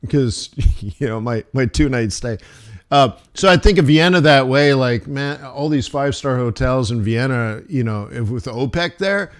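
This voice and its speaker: A man runs a live forex trading stream and talks through the week's market events in a loose, joking way. His pitch sits in the middle of the range. He speaks quickly and with lots of energy. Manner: animated, jokey, talks fast with laughs and asides.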